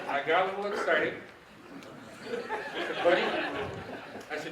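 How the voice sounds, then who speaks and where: Middle-aged fishing guide, folksy and animated storyteller, distant mic in a boomy hall. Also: male voice, fairly quick, pauses often, over a noisy crowd, very noisy. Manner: folksy, animated, acts out quoted dialogue. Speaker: fishing guide giving a club talk. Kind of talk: casual storytelling to a club audience. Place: meeting hall. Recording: echoey room, distant mic.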